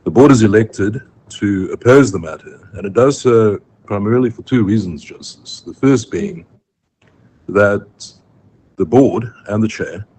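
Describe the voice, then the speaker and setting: A deep-voiced man with a South African accent makes a formal legal argument to a judge. He speaks in a measured way, pausing on ums and correcting himself mid-phrase. Faint room noise sits under the live courtroom stream. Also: a little mellow, poor audio. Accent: South African English. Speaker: advocate addressing the court.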